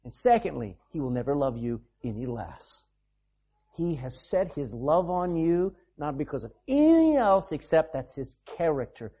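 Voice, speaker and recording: A male preacher delivers a sermon in a lively, conversational manner, talking straight to his listeners. His voice is husky and mellow. His pitch swings widely as he speaks. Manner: animated, conversational preaching with asides and laughs.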